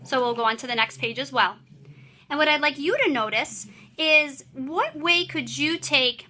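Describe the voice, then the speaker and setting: A woman in her thirties teaching a writing lesson to a class, clear and encouraging as she explains. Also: high voice, normal speed, bright, forceful tone.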